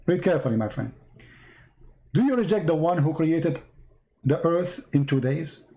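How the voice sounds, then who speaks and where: Man, high-pitched, hoarse, insistent live stream debater, repeats questions. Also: animated, normal speed, warm tone, low-quality recording. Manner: insistent, repeats his questions, reads verses aloud. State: losing his voice.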